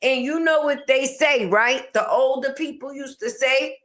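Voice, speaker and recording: An online commentator, a woman with a high, fairly bright voice, speaks at a measured pace. She delivers a sassy, slang-filled rant, mocking the person she's discussing and talking back to them.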